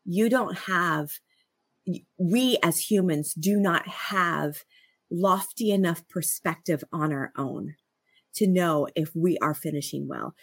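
A woman's voice: fairly low pitch, slow, slightly rough, no room sound. Earnest middle-aged woman, dry close sound. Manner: earnest, frequent restarts and stammers, laughs often. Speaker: podcast co-host. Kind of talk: reflective conversational talk.

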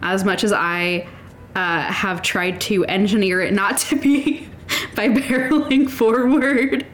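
Slow-talking woman, tearful and emotional. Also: mid-range voice, steady tone, a little hiss or hum. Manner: emotional, laughing through tears, swearing. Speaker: podcast producer and editor. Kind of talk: personal voice memo. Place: home room with cats.

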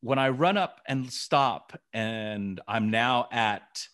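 A middle-aged man co-hosting a podcast, telling animated behind-the-scenes stories in casual chat. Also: mid-range voice, slow. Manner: animated storytelling, acting out scenes. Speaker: podcast co-host.

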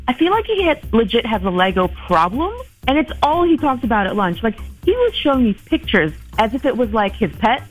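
A woman on a phone call to a radio show, blunt, giggly and talkative. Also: on the high side. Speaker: caller.

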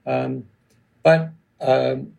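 A man, an author and lawyer, speaking reflectively in an interview with many pauses and ums. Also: medium pitch, little pitch movement, gravelly, darkish tone. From Canada. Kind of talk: conversational interview.

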